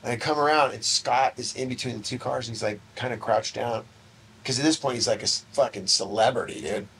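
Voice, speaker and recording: A middle-aged man spins a rambling anecdote in a relaxed interview. He slips into the voices of the people he quotes and swears casually along the way. A faint hiss of noise sits under the recording. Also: mid-range voice, fairly quick, vocal fry. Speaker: interview guest. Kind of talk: casual storytelling.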